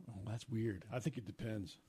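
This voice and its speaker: A man's voice: fairly low pitch, moderate pace, dark tone, slightly rough, no echo. A man co-hosting a finance radio show, answering quiz questions in a playful, joking way. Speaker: radio co-host.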